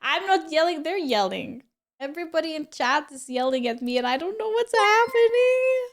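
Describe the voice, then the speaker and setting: A woman game streamer chatting casually with her viewers, giggling and exclaiming as she thanks them in quick bursts. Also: very high voice, sing-song. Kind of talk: casual live-stream chat.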